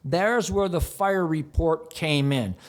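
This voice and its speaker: A man's voice: on the high side, slow. A man who produces and hosts community television shows, answering interview questions emphatically and rattling off long lists. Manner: mocking rhetorical outbursts.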